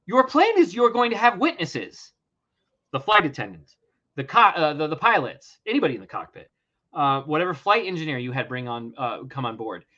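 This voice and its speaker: A man's voice: fairly high pitch, sing-song, moderate pace, sharp tone, dull audio. A man hosting a podcast, ranting emphatically and swearing freely. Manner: heated, emphatic, swears freely, laughs in disbelief. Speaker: podcast host. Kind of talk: opinionated podcast rant.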